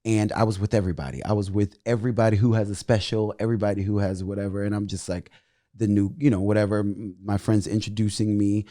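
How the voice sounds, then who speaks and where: A young man, a stand-up comedian guest, telling stories in an animated, excitable way and swearing freely. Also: lowish voice, quick pace, no echo, clean studio sound. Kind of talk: animated storytelling in casual chat.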